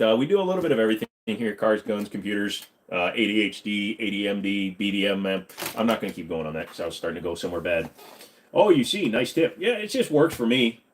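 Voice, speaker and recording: A man in his forties answering viewer comments on a live stream from his desk. His pitch is lively and bouncy, and his delivery is jokey and teasing. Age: 40s. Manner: joking, teasing, reading out comments.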